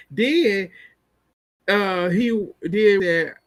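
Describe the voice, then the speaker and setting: A man with a slightly high, bright and forceful voice, recapping a TV episode in a loose, chatty way. He is animated and laughs often as he walks through each scene. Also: measured pace. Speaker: TV episode reviewer.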